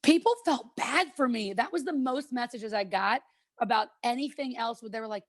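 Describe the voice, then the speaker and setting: A woman chatting casually on a podcast, telling lively stories about being a contestant on a cooking show and acting out the quotes. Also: a little high, moderate pace, no echo, studio quality. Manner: animated, chatty storyteller who acts out quotes.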